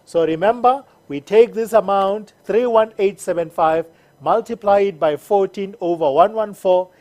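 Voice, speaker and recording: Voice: medium pitch, moderate pace, dark tone. An accounting teacher giving a recorded lesson, patiently repeating each step and checking in with the learners. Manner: patient, repeats steps and checks in with "all right?".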